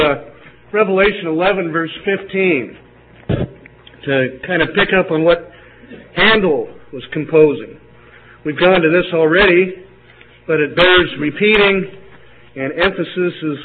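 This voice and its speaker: An older man preaching a sermon, halting often with fillers and restarts. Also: on the high side. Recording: phone-like lo-fi recording with faint hiss.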